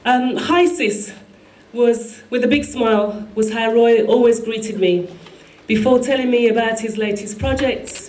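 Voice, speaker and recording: A woman with a fairly high voice tells a story and reads a tribute aloud, leading the room in call and response. The sound is echoey, as in a large hall, with faint noise underneath. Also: a little mellow. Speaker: speaker at a tribute. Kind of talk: speech and reading.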